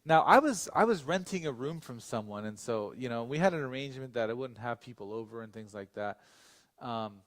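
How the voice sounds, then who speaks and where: A man's voice: mid-range voice, expressive, a little fast, long reverb tail. A male pastor telling a long personal story in a casual, chatty way, with many fillers and restarts and frequent asides to his listeners. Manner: speaks directly to the audience. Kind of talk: storytelling sermon.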